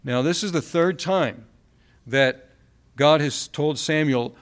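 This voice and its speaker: A man's voice: on the high side, slow pace. A man preaching a sermon, reading Bible verses aloud and repeating key phrases for emphasis.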